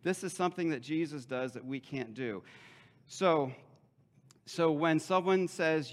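A man's voice: fairly high pitch, measured pace. A man preaching a sermon as pastor in a conversational way, with joking asides and frequent checks like "okay?".

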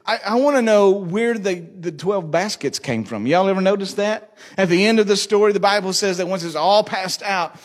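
A man's voice: sits high, normal speed, few pauses. A male pastor preaching a sermon, joking and asking the congregation questions. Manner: jokey, asks the congregation questions.

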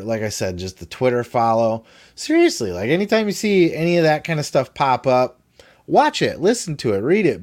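A man hosting a wrestling podcast, talking in a blunt, profane, animated way. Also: mid-range voice. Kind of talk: casual opinionated commentary.

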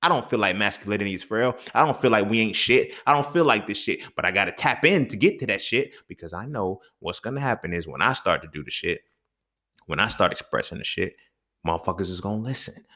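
A young man with a fairly low voice delivers a fired-up solo podcast rant, swearing freely. He jumps from loud, sharp outbursts to low, muttered asides. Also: expressive, quick pace. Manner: heated, profane, swings between loud outbursts and low mutters. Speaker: podcast host.

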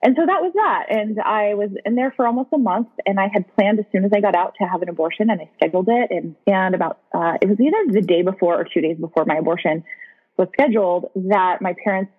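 A woman with a husky voice, a podcast guest frankly telling her personal story in conversation. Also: medium pitch, fast. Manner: frank, blunt, with occasional swearing. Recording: tinny phone-like line.

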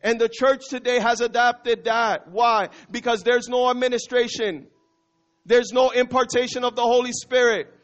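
High-voiced man preaching with fervor. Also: steady tone, moderate pace, dull audio, faint music behind. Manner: passionate, swings between loud and hushed, mixes in Spanish phrases. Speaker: pastor. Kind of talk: sermon.

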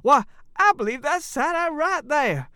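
A man's voice: very high voice, animated, unhurried, pushed and bright, no echo, studio quality, voice pushed up, exaggerated voice. A man playing an eager, folksy, old-fashioned angel-like helper in a put-on accent in a comedy sketch.

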